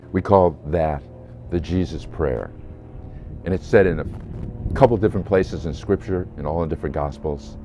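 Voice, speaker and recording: A man's voice: sits low, mellow, highs cut off, a little hiss or hum. A man as a pastor giving a short Easter sermon, telling a Bible story earnestly and voicing the people he quotes.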